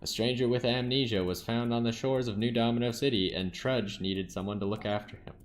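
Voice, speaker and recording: A man calmly narrating his card game moves and thinking aloud as he plays. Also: mid-range voice, brisk. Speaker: gaming channel host. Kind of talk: casual game commentary.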